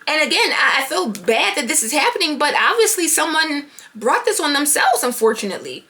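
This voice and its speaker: A woman doing a tarot card reading, animated and thinking aloud as she pulls cards. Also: high voice, fairly quick. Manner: animated, talking to herself while pulling cards. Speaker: tarot reader.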